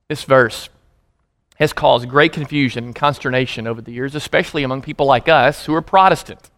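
A male pastor preaching a sermon, teaching scripture with animated emphasis and acted-out quotes. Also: medium pitch, fairly quick.

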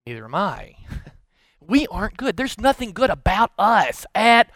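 A man's voice: high-pitched, big pitch swings, a little slow, a bit bright, no room sound. A male pastor preaching a sermon, telling the story in an earnest, conversational way and often restarting his words.

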